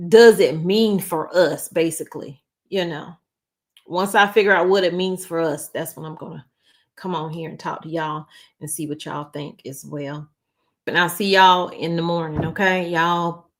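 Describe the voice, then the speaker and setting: A middle-aged woman talks in a slightly low voice, hosting a casual news vlog. She chats freely and personally, greeting her viewers by name. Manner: chatty, warm-hearted, talks to viewers by name. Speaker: channel host.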